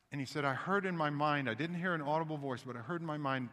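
A man from the American South with a Southern accent, preaching a sermon as pastor and telling a story with animated restarts. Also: on the high side, fast, hardly any pauses, big-room sound. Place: church sanctuary.

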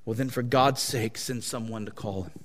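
A man's voice: medium pitch, normal speed, voice pushed down, natural voice. A man voicing a cruel slave master who rages, then begs in terror, heard in a hall with a long echo. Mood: desperate. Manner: shouting threats, later groaning pleas.

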